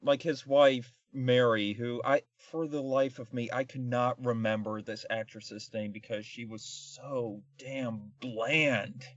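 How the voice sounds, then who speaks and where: A man's voice: medium pitch, steady tone, takes it slowly, hardly any pauses, no echo, muffled recording. Rambling sarcastic man reviewing a film. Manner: rambling, sarcastic, many fillers. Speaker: podcast co-host. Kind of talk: casual comedic film review chat.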